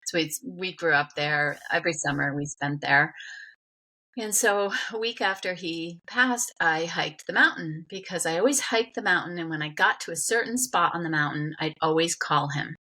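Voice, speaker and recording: A middle-aged woman from Vermont tells her story in a relaxed interview. Her voice is bright and forceful, sitting a little low for a woman. She talks animatedly, full of "like" fillers, and acts out the voices of the people she quotes. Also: normal speed. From Vermont, USA. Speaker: guest.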